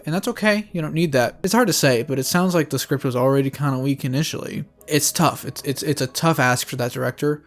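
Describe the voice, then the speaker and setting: A young man giving excitable, profane reaction commentary while watching a film. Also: mid-range voice. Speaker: movie reviewer.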